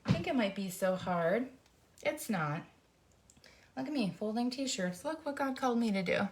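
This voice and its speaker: A woman's voice: a little high, animated, moderate pace. A middle-aged woman hosting a faith-based vlog, giving an earnest, emotional pep talk while folding t-shirts indoors. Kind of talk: heartfelt encouraging talk.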